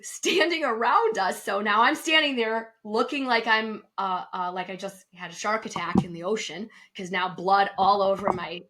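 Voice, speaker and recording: A middle-aged woman co-hosting a travel podcast, chatting casually and telling a lively personal story. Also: normal speed, hardly any pauses. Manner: lively storyteller, acts out quotes with big pitch jumps. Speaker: podcast co-host and travel advisor.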